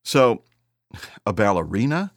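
Deep-voiced man hosting a podcast. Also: sing-song, measured pace, no echo, studio quality. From northern US, Great Lakes area. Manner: chatty, hesitant with many uh fillers. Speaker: podcast host. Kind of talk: casual interview chat. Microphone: studio microphone.

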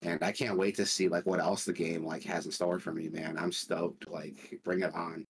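A young man on a gaming podcast, chatting excitedly and rambling, with frequent swearing. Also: low-pitched, normal speed, slightly rough, poor audio. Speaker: podcast co-host. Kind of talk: casual gaming chat.

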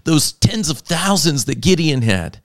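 A man's voice: a little high, sing-song, dry recording, studio quality. A man, a pastor co-hosting a podcast, who often stops and restarts his words. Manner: halting, restarts words before finishing a thought. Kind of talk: casual podcast chat.

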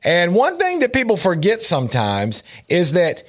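A man's voice: high voice, wildly swooping pitch, moderate pace. A man teaching a Bible lesson on a talk show, earnest and repeating his points for emphasis.

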